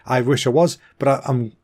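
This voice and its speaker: A man, hosting a casual solo podcast in a chatty, excitable way, slightly out of breath and clearing a clogged throat. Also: mid-range voice, normal speed. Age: 30s. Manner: chatty and excitable, with fillers and restarts. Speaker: podcast host.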